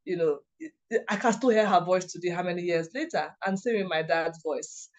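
A woman's voice: on the low side, fairly quick, highs cut off. A woman, a lawyer and writing coach, telling heartfelt personal stories in an earnest way, full of "you know" fillers and restarts. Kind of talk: reflective personal storytelling.

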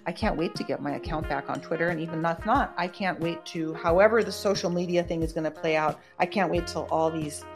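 A woman's voice: lowish voice, brisk, hardly any pauses, music in the background. A woman hosting her own show, talking casually in a rambling, emphatic way with lots of ums and uhs. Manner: rambling, emphatic, with many fillers. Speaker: podcast host. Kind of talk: casual monologue.

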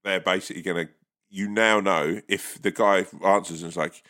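A man with a fairly low voice, co-hosting a comedy podcast. He tells stories in a sweary, animated way full of jokes. His talk is loose and chatty. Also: moderate pace. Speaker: podcast co-host. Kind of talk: casual comedic chat.

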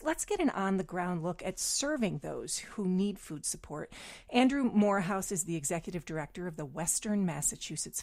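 A woman hosting a news radio program, asking questions and introducing stories in a measured way. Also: lowish voice, a little mellow. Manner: measured, clear interviewer.

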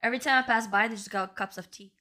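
A woman's voice: fairly high pitch, fairly even intonation, quick pace, pushed and bright. A woman from Uzbekistan co-hosting a comedy podcast, talking bluntly and with a lot of swearing. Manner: blunt, profane, teasing. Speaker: podcast co-host. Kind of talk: casual comedy chat.

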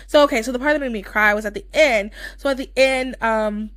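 A woman's voice: a little high, a little fast, fairly bright tone, no room sound. A young woman co-hosting a podcast, gushing in casual chat with lots of fillers. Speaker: podcast co-host.

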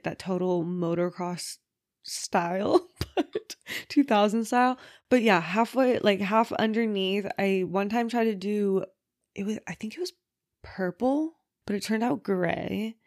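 A woman's voice: mid-range voice, darkish tone, no room sound, clean studio sound. A woman hosting her own podcast, talking casually and candidly, with the odd swear word, from bed at home. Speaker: podcast host. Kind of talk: casual solo podcast chat.

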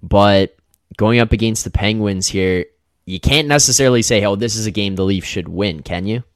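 A man's voice: fairly low pitch, normal speed, no room sound, studio quality. A man co-hosting a sports betting show in a casual, conversational way, tossing questions to his co-hosts.

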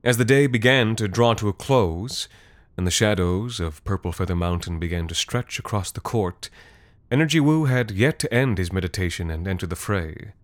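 Casting: male storyteller, very low voice, dry close sound, deadpan narration. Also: normal speed, dry recording. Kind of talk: scripted narration.

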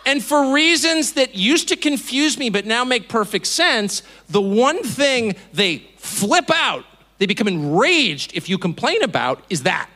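A man's voice: very high-pitched, pushed and bright. A man in his fifties from California gives an indignant, mocking speech to a live audience, acting out the voices he quotes. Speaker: speaker. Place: auditorium.

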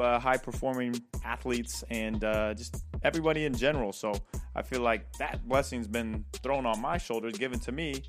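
Upbeat male podcast host. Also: medium pitch. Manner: upbeat, hyped, jokes with put-on accents. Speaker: podcast host and life coach. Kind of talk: podcast intro monologue.

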